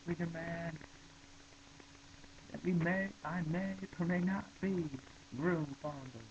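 A man voicing a pompous, indignant male philosopher who shouts his demands, read from a novel over noisy webcam audio. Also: a little high, slow pace, highs cut off, pitched above the performer's own voice.

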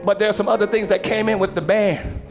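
A man preaching a sermon as pastor in a church, animated, with slangy asides and sudden shouted passages. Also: sits high, fast, over music. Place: church sanctuary.

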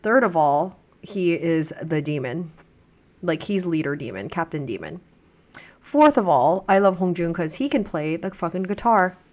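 A woman's voice: lowish voice, animated, normal speed, a little mellow. A young woman reaction streamer chatting at home, gushing and rambling with many restarts. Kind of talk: casual chat.

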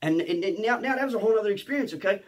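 A male comedian from Philadelphia tells his story at a rapid clip, with a high, keyed-up voice. He is profane and excitable, stumbling over restarts and tossing in "okay?" again and again. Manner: stammers and restarts often. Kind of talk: comic storytelling.

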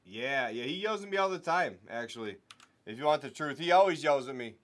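A man's voice: medium pitch, animated, a little fast, a bit bright. A young man hosting a live sports card break, talking casually and joking with his viewers. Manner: chatty, jokes with viewers and talks sports. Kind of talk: casual live stream chat.

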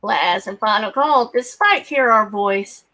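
A woman co-hosting a live jewelry auction, calling bids and making quick joking remarks. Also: mid-range voice, lively intonation, bright, forceful tone, poor audio. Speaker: auction co-host.

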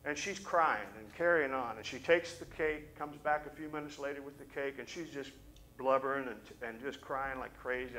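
Male pastor, mid-range voice, animated storyteller in a Sunday sermon. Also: medium pitch, moderate pace, a little hiss or hum, rough recording. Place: church service.

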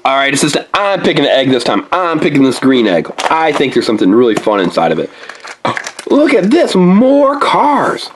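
A woman's voice: rumbling low, fairly quick, background noise. A woman hosting a playful toy unboxing, exclaiming over each find and coaxing a young helper along. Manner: animated, exclaiming over toys, coaxing a child.

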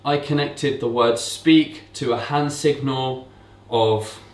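A man of middle pitch walks viewers through dog training in a casual, explanatory way. He is recorded indoors at home, a little away from the mic, and the room echoes around him. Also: slow pace, distant mic. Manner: relaxed, explanatory, repeats commands to mimic owners. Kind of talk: casual instructional talk. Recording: roomy echo, speaker away from mic.

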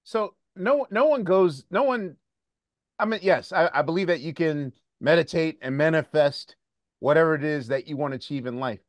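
A man's voice: fairly high pitch, expressive, moderate pace, no room sound. A man hosting a podcast interview, thinking aloud as he puts together a long, winding question. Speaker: podcast host.

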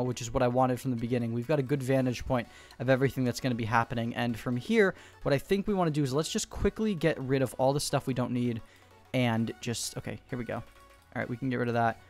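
A man giving fast, excitable gameplay commentary from home, repeating short calls in quick bursts. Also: medium pitch, faint music behind. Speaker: gaming YouTuber. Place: home room.

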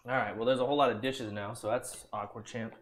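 A man's voice: mid-range voice, steady tone, fast talker. A young man streaming from his home kitchen, chatting casually and loosely, with some swearing, while cooking and calling his dogs.

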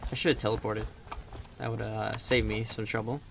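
A man's voice: on the low side, little pitch movement, brisk, creaky. A man casually commenting as he plays a stealth game, chatty and wisecracking, swearing whenever a plan goes wrong. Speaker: gaming YouTuber. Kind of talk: casual let's-play commentary. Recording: noticeable background noise.

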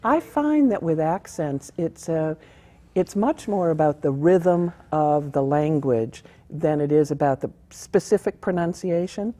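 A woman actor answering interview questions in a friendly, measured way. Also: deep voice, expressive, warm tone. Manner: friendly, measured, chuckles at herself. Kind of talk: casual interview.

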